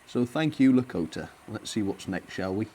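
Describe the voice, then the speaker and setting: Young man, live-stream host, friendly chatty delivery, slightly low pitch, light background hiss. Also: animated, normal speed, warm tone. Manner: chatty, cheerful, frequent fillers and small laughs. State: a bit out of breath. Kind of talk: live stream chat, thanking viewers.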